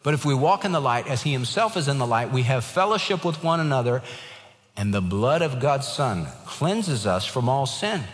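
A man's voice: high-pitched, fairly bright tone. A man preaching a sermon in an earnest way, shifting his emphasis and telling a joke. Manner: earnest preaching, varied emphasis, tells jokes. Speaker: pastor. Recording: long hall reverb.

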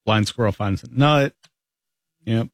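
A man co-hosting a casual radio show, reading listener responses in a brisk, chatty way. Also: lowish voice, gravelly, no room sound.

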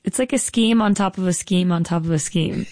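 A woman's voice: on the low side, a little fast, darkish tone. Chatty woman co-hosting radio. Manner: chatty, teasing, self-deprecating. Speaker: music show co-host. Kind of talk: casual radio chat.

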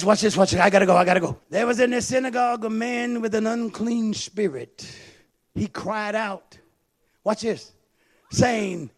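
A man preaching a sermon, swinging between hushed asides and shouted, sing-song emphasis. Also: very high voice, normal speed, creaky. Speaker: pastor.

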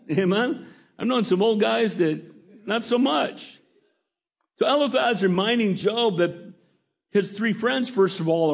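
Husky-voiced preacher man calling for amens. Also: high-pitched. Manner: folksy, asks the congregation for amens. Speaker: pastor. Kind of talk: sermon.

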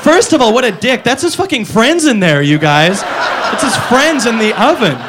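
A male comedian with a high, very animated voice rants in exasperated, swear-laden bursts. He is recorded live in a comedy venue, with a steady wash of room noise behind him. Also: normal speed. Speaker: stand-up comedian. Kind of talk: stand-up comedy set. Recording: live room with noisy ambience.

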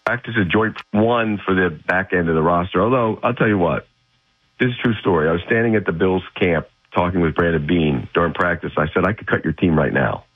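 A man's voice: sits low, brisk. A man speaking as a guest football analyst on sports radio, blunt, opinionated and emphatic, heard over a phone line.

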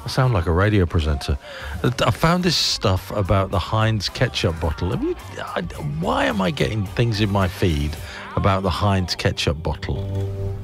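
A man's voice: low voice, huge pitch swings, moderate pace, vocal fry, soft background music. A man presenting a morning radio show, rambling casually with chuckles and self-mocking asides. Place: radio studio.

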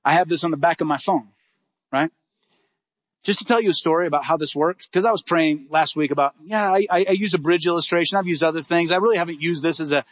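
Quick talking pastor guy, middle aged, storytelling sermon, pitches up when he does the dialogue. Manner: animated, acts out dialogue in quick bursts.

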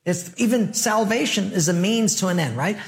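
A male preacher giving a sermon, animated and joking as he acts out the dialogue of his stories. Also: sits high, normal speed, creaky. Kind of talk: sermon with storytelling.

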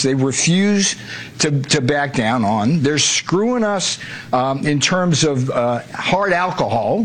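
A man speaks in a blunt, combative interview clip. His voice sits a little high, and he restarts his sentences as he presses his point. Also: fairly bright tone. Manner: blunt, combative, repeats himself. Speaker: trade official in archival clip.

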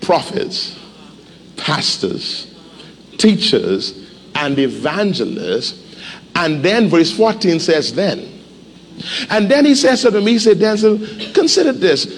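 A male pastor preaching a sermon, animated, with call-and-response and sudden shouts, in a church. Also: a little high, slow, pauses often, a little hiss or hum. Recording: echoey hall, faint ambience.

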